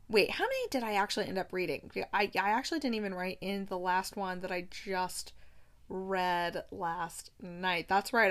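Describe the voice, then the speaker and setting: A young woman chatting casually about the books she read this month, gushing and excitable, rambling with restarts and laughs. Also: medium pitch. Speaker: book reviewer. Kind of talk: casual monthly wrap-up chat.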